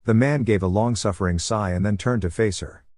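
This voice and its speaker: A man narrating a fan fiction story in a steady, even reading manner. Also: lowish voice, fairly quick, dry recording, studio quality.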